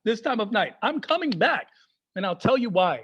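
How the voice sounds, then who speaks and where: A man doing stand-up comedy, animated and mixing in Persian phrases. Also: high-pitched, brisk, breathy edge, highs cut off.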